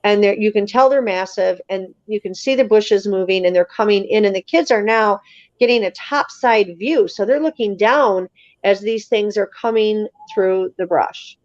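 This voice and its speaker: A woman's voice: medium pitch, normal speed, no room sound, muffled recording. A woman, a guest on a live show, telling her story casually and emphatically, acting out the voices of the people in it. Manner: animated, emphatic, acts out quoted voices.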